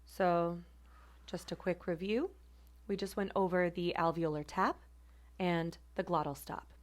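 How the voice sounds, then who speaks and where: A woman teaching a phonetics class, speaking deliberately and repeating example words slowly to demonstrate them. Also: on the low side, fairly even intonation. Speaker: phonetics instructor. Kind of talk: recorded lecture demonstration.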